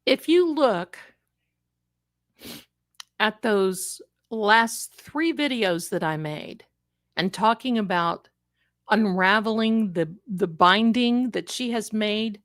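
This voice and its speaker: A woman hosting a casual livestream, talking in an animated, emphatic way and speaking straight to her viewers from an indoor room. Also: mid-range voice, slow, dry recording, clean studio sound. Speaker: livestream host.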